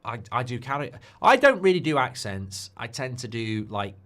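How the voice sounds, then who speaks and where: A man's voice: mid-range voice, sing-song, a little fast, fairly bright tone. Chatty, jokey man hosting a live stream. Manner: chatty and jokey, reading viewer comments aloud. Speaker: football watchalong host. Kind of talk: casual live-stream chat.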